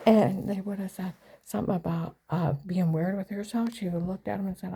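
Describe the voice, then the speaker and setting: Gravelly-voiced older woman. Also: medium pitch, fairly even intonation, brisk, hardly any pauses, dark tone, rough recording. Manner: rambling, aggrieved storytelling. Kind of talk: casual monologue.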